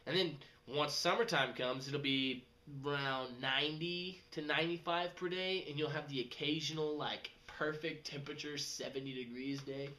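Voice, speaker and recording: A young man, rambling casually in a vlog and jumping into high mocking voices. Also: normal speed, hardly any pauses. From West Texas. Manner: animated, jumps to high mocking voices when quoting people. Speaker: vlogger.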